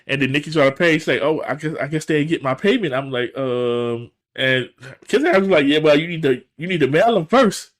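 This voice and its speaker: A man co-hosting a podcast casually recaps a TV episode, his voice a little high and his pace a little fast. He's animated, acting out the characters' lines in voices that jump and shift.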